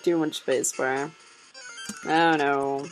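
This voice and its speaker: A woman's voice: sits low, fairly even intonation, slow, soft background music, poor audio. A young woman doing casual gameplay commentary, chatting to viewers, laughing often and swearing freely. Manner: chatty, talks to viewers while playing. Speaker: let's player.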